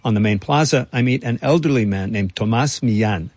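A man reporting and narrating a radio feature in a measured, dry storytelling delivery. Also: medium pitch, a little mellow, breathy edge, no room sound. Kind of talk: scripted narration.

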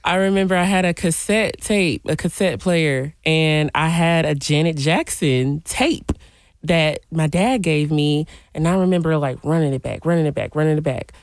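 A woman in her late twenties, a DJ, guest on a radio show, talking in an animated, chatty way with playful asides. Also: low-pitched, moderate pace, dry recording. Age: late 20s. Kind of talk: radio interview. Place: radio studio.

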